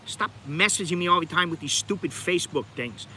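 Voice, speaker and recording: A middle-aged American man with a very bright, cutting voice, pitched a little high for a man. He chats and digresses freely as a livestream host, talking straight to his viewers, with faint traffic noise behind him outdoors in the city. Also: expressive, brisk. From United States. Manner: chatty, digressive, talks to viewers directly. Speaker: channel host. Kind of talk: rambling livestream chat.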